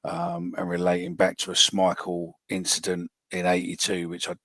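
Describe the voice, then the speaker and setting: Blunt swearing podcast host. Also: male voice, low voice, completely flat delivery, normal speed, a bit bright, no room sound. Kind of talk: casual football podcast chat.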